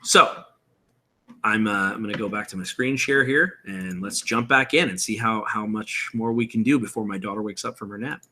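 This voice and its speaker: Man, thirties, tutorial host, casual explainer, bright forceful voice. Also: fairly low pitch, moderate pace. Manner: casual, explanatory, reads chat aloud. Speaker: tabletop game host. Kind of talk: live-streamed tutorial chat.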